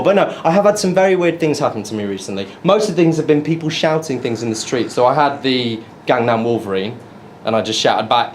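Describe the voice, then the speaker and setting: A British comedian does a stand-up set, spinning stories and bantering with the audience in an animated, excitable way. His voice is on the high side and brisk. It's a live recording with clear background noise.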